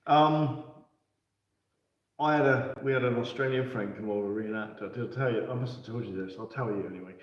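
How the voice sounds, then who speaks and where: A man's voice: mid-range voice, a little fast. Chatty English man, echoey distant sound. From England. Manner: chatty storyteller, laughs a lot. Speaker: wargaming stream host. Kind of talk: casual banter on a live stream. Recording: echoey, distant, dull live-stream audio.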